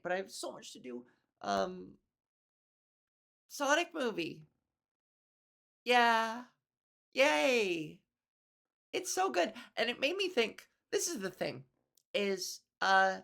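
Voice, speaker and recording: Comedy podcast host, female, gravelly edge, animated profane monologue, mid pitch. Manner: animated, swears a lot, acts out people. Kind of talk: casual rambling monologue.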